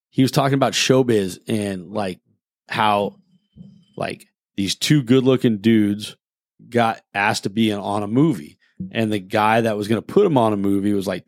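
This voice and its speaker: A man's voice: fairly low pitch, dry recording, clean studio sound. A man telling a crude story in casual chat, rambling and profane, often losing his train of thought.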